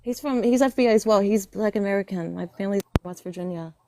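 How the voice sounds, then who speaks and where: A woman's voice: medium pitch, quick pace, mellow, slight background noise. A woman from Western Pennsylvania calling into a livestream chat, guarded and defensive as she argues back. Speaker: caller on a livestream.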